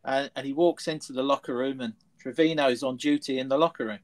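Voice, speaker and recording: Brief: male panelist, mid-pitch, lively storyteller. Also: fast talker, poor audio. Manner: anecdotal storyteller, animated retelling. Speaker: studio panelist. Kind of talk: casual sports chat.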